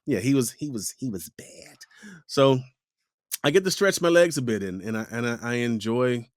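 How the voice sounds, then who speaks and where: A man's voice: medium pitch, moderate pace, no echo, studio quality. A man, a voice actor, chatting casually in an interview and acting out quoted voices as he talks. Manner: animated, acts out quoted voices. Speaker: voice actor guest.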